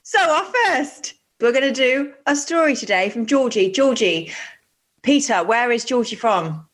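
A woman's voice: on the high side, expressive, measured pace. A woman co-hosting a podcast in casual chat, giggly and gushing. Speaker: podcast co-host.

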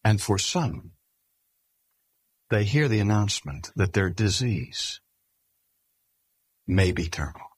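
An older man preaching a sermon in a measured, emphatic way, slowing down to stress key phrases. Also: fairly low pitch, animated, husky, dry recording. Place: speaking at a cancer hospital.

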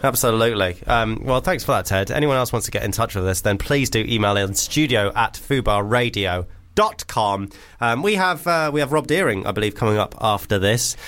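A man's voice: fairly low pitch, expressive, fairly quick, few pauses, a bit bright. A man hosting a radio show, chatting casually and telling rambling, self-mocking stories.

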